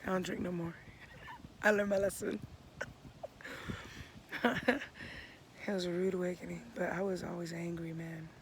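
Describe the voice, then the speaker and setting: A man in his thirties talking in a laid-back, reflective vlog into a phone outdoors at home, often dropping into soft half-whispers. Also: high-pitched, little pitch movement, a little slow, long pauses. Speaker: vlogger. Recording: noisy outdoor recording.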